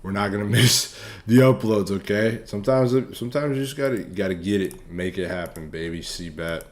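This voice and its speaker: Deep voiced guy going over stock charts, swearing and hyped, faint keyboard noise. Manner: loose, profane and hyped. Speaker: stock trading streamer. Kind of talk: casual live stock chart review.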